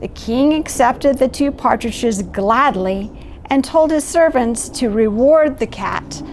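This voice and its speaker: A woman's voice: a little high, animated, slow, slight background noise. A middle-aged woman reading a picture book aloud, stopping to point out the pictures and chat about the story. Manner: warm asides, pointing out pictures. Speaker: volunteer storyteller.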